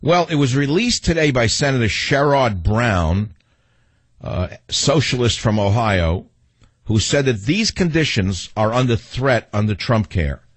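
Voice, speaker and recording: A man's voice: mid-range voice, animated, measured pace, dry recording. A man with a New York accent hosting a talk radio show in a combative, sarcastic monologue.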